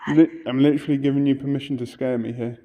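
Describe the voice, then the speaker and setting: A man investigating alone in an old church, speaking in an earnest, hushed voice and calling out questions to the spirits. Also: mid-range voice, fairly even intonation, quick pace, dull audio. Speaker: paranormal investigator. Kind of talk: solo ghost-hunting vlog. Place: inside an old church at night.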